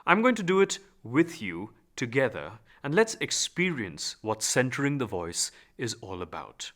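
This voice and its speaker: A man teaching a calm, guided voice lesson, giving instructions and demonstrating practice lines aloud. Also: mid-range voice, unhurried. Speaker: voice and speech teacher.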